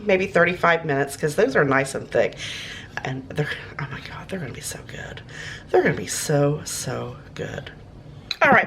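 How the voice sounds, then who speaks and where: A woman's voice: low-pitched, background noise. A woman hosting a home cooking show, chatting casually and gushing over her food in her kitchen, sometimes talking with her mouth full.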